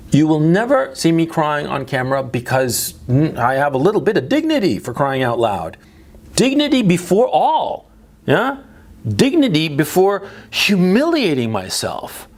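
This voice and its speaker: A man delivering a blunt, emphatic, profane monologue to the camera as a video commentator. He swings between low muttering and sharp, higher emphasis. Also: gravelly.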